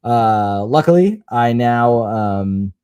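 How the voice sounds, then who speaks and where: A podcast co-host in his thirties tells family stories in casual chat, laughing as he goes and poking fun at himself. His medium-pitched voice is expressive, slow, darkish, clear and resonant, with no echo.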